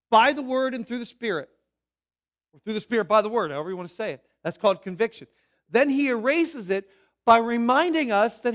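High-voiced man preaching with swings in loudness. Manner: animated preaching, swings between loud emphasis and quiet asides. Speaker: pastor. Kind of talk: sermon.

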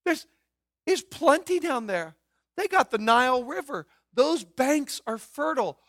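A man voicing a worried man pleading with God, halting and repeating himself. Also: extremely high pitch, expressive, fairly bright tone, no echo, clean studio sound, voice pushed up, heavily acted.

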